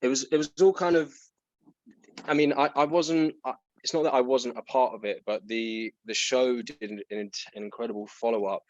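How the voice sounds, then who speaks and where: A young man talks over a video call in a relaxed, self-deprecating way, often stopping and restarting his sentences. The sound is dull and lo-fi, with a dry, close feel. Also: mid-range voice, normal speed, no room sound. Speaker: guest. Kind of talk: casual chat on a video call.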